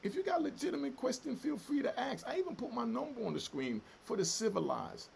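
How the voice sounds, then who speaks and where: A man's voice: very high-pitched, animated, fairly quick, vocal fry, slight background noise. A middle-aged man hosting a commentary channel, delivering fiery, emotional, profane street talk in a heated solo rant.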